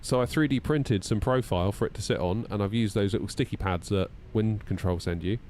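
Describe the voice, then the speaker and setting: Low-voiced, jokey man in his thirties. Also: a little fast, darkish tone, a little hiss or hum. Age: 30s. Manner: chatty, jokey banter with viewers, self-mocking. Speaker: flight sim streamer. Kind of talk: live-stream chat while flying a simulator. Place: home simulator room.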